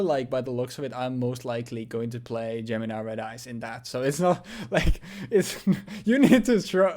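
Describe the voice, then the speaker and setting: A man's voice: mid-range voice, darkish tone. Casual young man rambling with fillers. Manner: loose and joking, lots of fillers and swearing. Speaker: co-host. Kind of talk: casual chat about a card game.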